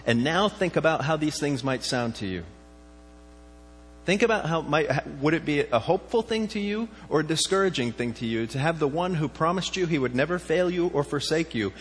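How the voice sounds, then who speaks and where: A man preaching in a conversational tone, asking his congregation questions as he goes. His voice carries a long reverb from a large hall. A faint mains hum sits underneath. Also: fairly high pitch. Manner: conversational, asks the listeners questions. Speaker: pastor. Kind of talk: sermon.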